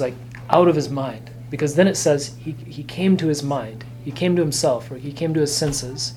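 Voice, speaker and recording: Earnest man giving a gentle talk. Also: on the high side, a little hiss or hum. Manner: earnest, gentle, speaks in short phrases. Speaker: Orthodox Christian speaker. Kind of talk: informal teaching talk.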